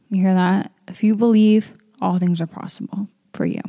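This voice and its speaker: Young woman reading scripture, gravelly and dark. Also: lowish voice, level tone, brisk, few pauses, no room sound, studio quality. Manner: reads scripture aloud then muses informally with fillers. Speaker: Bible reading host. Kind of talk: casual Bible reading and reflection.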